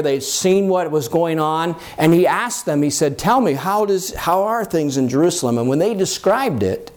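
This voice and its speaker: Man, pastor, sermon, earnest, slightly high voice, restarts and fillers. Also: a little mellow. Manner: rises in pitch when quoting scripture.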